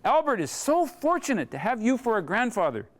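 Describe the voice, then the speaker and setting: A woman's voice: on the high side, sing-song, brisk, pitched above the performer's own voice. A man putting on the voice of an impressed woman shopper, speaking eagerly in a raised voice. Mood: admiring.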